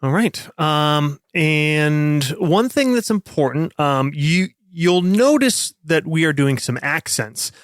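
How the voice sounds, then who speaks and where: A man's voice: on the high side, expressive, slow pace, few pauses, no echo, clean studio sound. A man hosting and running a tabletop game as game master, chatting casually and rambling a bit. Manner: rambling, joking. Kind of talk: casual chat.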